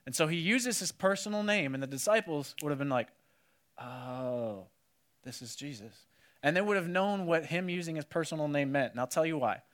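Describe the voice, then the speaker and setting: A man preaching a casual sermon, telling the story with animated energy and acting out what people said. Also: fairly high pitch, quick pace, few pauses. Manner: animated storytelling, acts out quotes, many "like"s. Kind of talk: casual sermon to a youth audience.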